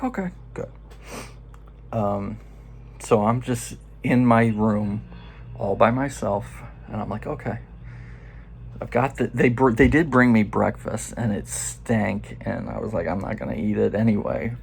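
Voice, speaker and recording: A man's voice: on the low side, vocal fry, a little hiss or hum. A man in his forties telling a loose, profane story in a casual first-person way. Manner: loose and profane, quoting others in quick asides.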